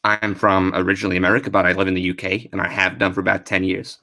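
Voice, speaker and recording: A caller on a fan show who fakes an American accent that keeps slipping, his low voice sounding bright and forceful. He hesitates and trips over his words. The line sounds distant, as if he is calling in. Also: monotone, quick pace. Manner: puts on an unconvincing American accent.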